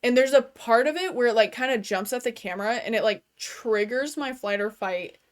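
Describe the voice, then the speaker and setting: A young adult woman streamer chats from her bedroom in a slightly high voice. Her talk is loose, meandering and casual, full of "like" fillers and easy swearing. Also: brisk. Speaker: gaming streamer. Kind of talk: casual chat while streaming a game.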